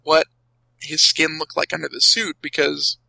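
A young man co-hosting a casual comics podcast, rambling with restarts and quick laughs. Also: a little high, monotone, gravelly, pushed and bright, no room sound, rough recording. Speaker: podcast co-host.

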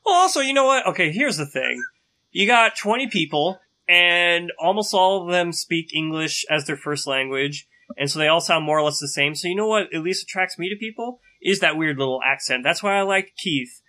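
A man co-hosting a casual podcast chat about a reality show, animated and joking, acting out little quotes. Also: sits high, moderate pace. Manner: animated, acts out quotes in funny voices. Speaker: podcast co-host.

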